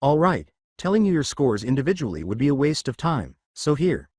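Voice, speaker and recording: A deadpan, strict male teacher giving orders flatly, voiced by a male narrator. The recording is close and dry. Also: mid-range voice, fairly quick, slightly rough, no echo.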